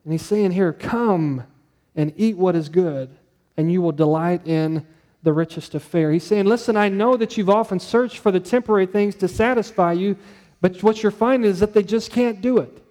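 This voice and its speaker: A male pastor with a high, mellow voice, preaching in a chatty, story-driven way. His words ring out with a long hall reverb behind them, as in a church sanctuary. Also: moderate pace. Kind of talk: sermon.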